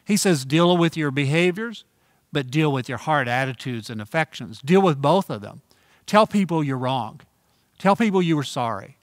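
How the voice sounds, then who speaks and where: A middle-aged man preaching a sermon as pastor, earnest, repeating key phrases and slowing down for emphasis. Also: on the high side, animated, no echo, studio quality.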